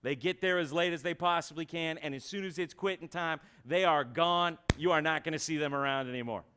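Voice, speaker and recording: A man's voice: a little high, a little fast, noisy background. A male pastor preaching a sermon in a church, talking in a conversational way and acting out everyday voices to make his point.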